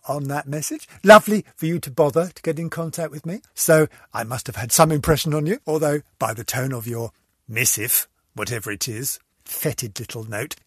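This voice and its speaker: An older man from England hosting a comic podcast in a theatrical, camp, teasing way, swinging between loud and soft. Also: fairly high pitch, husky, no room sound, studio quality. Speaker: podcast host.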